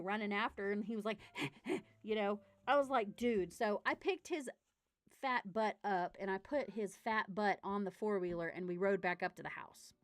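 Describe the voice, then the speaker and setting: A woman, chatting casually while unboxing model horses, telling stories and getting loud and excited. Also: medium pitch, no echo. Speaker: model horse collector vlogger.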